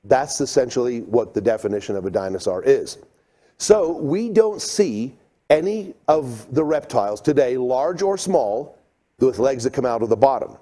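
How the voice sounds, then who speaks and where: A middle-aged man giving a seminar talk, telling stories with lively acted-out moments. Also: medium pitch, normal speed. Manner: animated storyteller, acts out scenes. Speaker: creation seminar speaker.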